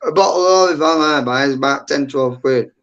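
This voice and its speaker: Gravelly man, rambling. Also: a little high, fairly quick, fairly bright tone. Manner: rambling, blunt, heavy swearing. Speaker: livestream guest. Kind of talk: casual chat. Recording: dull lo-fi stream audio.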